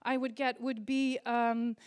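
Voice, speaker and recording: A young woman doing a stand-up comedy set on a convention stage, telling stories with loud excited outbursts. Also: a little high, measured pace, smooth. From Iceland. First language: Icelandic.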